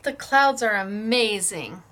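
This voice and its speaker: A woman hosting a craft show, excitedly showing off viewers' samples, gushing and stammering as she talks. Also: medium pitch, slow.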